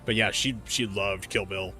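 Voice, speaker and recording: A man's voice: fairly low pitch, steady tone, moderate pace, sharp tone, soft background music. A man in his forties chatting casually while streaming a game, telling a long story with lots of uhs and restarts. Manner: rambling storyteller with many fillers. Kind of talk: casual chat while gaming.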